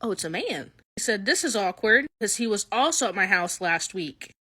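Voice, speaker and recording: A woman reading out comments in a short clip, in an animated way. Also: mid-range voice, moderate pace, slightly rough.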